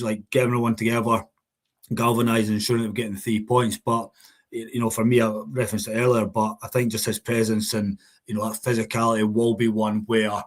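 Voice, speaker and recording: A man co-hosting a football podcast, talking quickly with lots of "you know what I mean". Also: on the low side. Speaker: podcast co-host. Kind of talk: casual football podcast chat.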